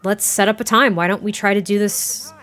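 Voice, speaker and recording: A woman's voice: medium pitch, steady tone, fairly quick, a bit bright, faint music behind, close to an everyday voice. A woman voicing an earnest rancher man. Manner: hesitant, polite, many small restarts. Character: friendly male rancher neighbor, earnest.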